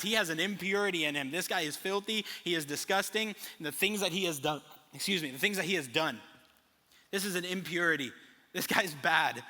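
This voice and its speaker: A young man preaching a sermon, animated, acting out little scenes as he tells the story. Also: high-pitched. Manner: animated storytelling with acted asides. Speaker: pastor. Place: large church hall. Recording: long reverb of a big hall.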